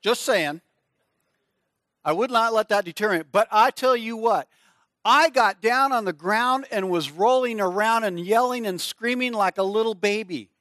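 A middle-aged man preaching, telling a personal story in an animated way and acting out screams and small voices. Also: high voice, moderate pace, no echo, studio quality. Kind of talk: storytelling sermon.

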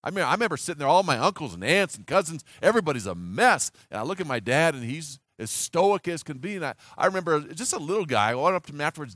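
A man's voice: a little high, sing-song, fast talker, hardly any pauses, a bit bright, dry recording, studio quality. A man in his sixties from the United States, preaching a sermon as an earnest story full of restarts and acted quotes.

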